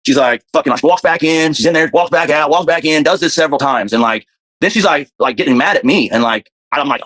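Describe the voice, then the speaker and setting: A man casually telling a story, fast and profane, often repeating himself. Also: fairly high pitch, a bit bright.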